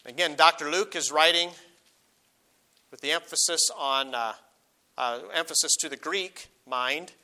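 A middle-aged man preaching a sermon as a pastor, earnest, slowing down and rising when he reads scripture aloud. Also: a little high, sharp tone. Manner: earnest, slows and rises on quoted verses.

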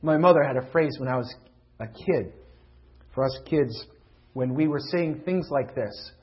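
A middle-aged man preaching a sermon as a pastor, moving from loud pleading questions to hushed, confiding tones. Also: medium pitch, measured pace. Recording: dull lo-fi recording.

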